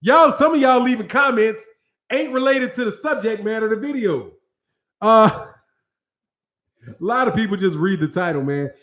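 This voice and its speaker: A man's voice: sits high, lively intonation, moderate pace, long pauses, a bit bright. A man hosting a boxing channel livestream. He reads out viewer chat and talks to viewers in a casual, slangy, profane way. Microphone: studio microphone with several cameras.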